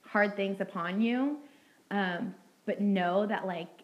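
A woman's voice: mid-range voice, slow, highs cut off. A young woman giving an earnest, heartfelt personal testimony to a youth group, speaking casually with many fillers. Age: young adult. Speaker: student speaker at a youth ministry meeting.

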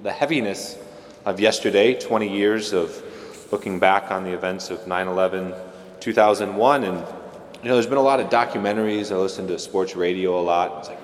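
Low-voiced male priest, easygoing homily with jokey asides, recorded in a reverberant church. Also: a little fast. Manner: conversational, joking asides with playful mimicry. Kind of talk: casual homily.

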